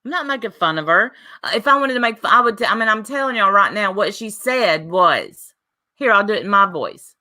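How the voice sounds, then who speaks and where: Woman livestream host, bright voice, rambling and defensive, casual chat. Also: medium pitch, lively intonation, brisk.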